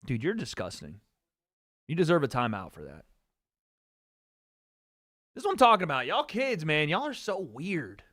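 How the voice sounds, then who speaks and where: A young man hosting a livestream, talking in a fairly high voice with loose, excitable energy. He swears freely and reacts on the fly. The sound is dry and close, with no room around it. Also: normal speed, pauses often, no echo. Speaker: livestream host. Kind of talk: casual live fight-watching commentary.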